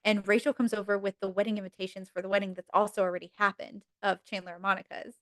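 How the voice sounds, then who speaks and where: A woman on a podcast casually retelling TV episodes with lots of fillers, jumping high in pitch to act out each character's lines. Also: flat delivery, fast, no room sound. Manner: frequent fillers like "um" and "like". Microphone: podcast mic.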